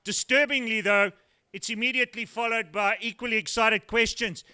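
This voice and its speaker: An older man from South Africa with a South African accent, doing a stand-up routine as a comedian in a dry, wry storytelling manner with pauses. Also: high voice, steady tone, sharp tone, clean tone. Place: brewery taproom with live audience.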